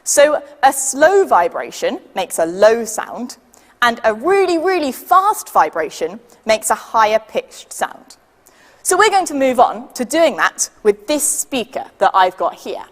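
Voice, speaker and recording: Animated British woman teaching children. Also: on the high side, a little slow, long reverb tail. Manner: lively, patient, leads the audience in call-and-response counting. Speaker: science workshop leader. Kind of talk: children's science demonstration.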